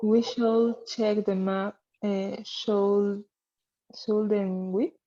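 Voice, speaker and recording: Slow, hesitant female student, dull recording. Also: mid-range voice, level tone, warm tone. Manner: hesitant, reads slowly and corrects herself. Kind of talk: classroom reading.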